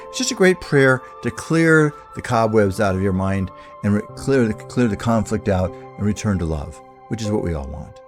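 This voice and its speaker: A man hosting a radio talk show, talking casually and rambling to his listeners about a healing prayer, often restarting his sentences. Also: low voice.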